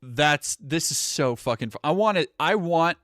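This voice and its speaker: A man's voice: fairly high pitch, animated, moderate pace, fairly bright tone, no room sound, studio quality. A man live-streaming casual reaction commentary, sarcastic and exasperated and swearing freely.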